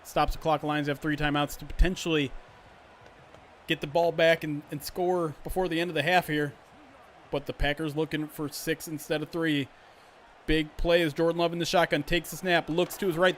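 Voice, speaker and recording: A man calling a simulated football game on a livestream, switching between animated play-by-play and chatty asides to his viewers, often clearing his throat. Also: on the high side, moderate pace, a little hiss or hum. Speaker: streamer doing play-by-play. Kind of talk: livestream sports play-by-play commentary.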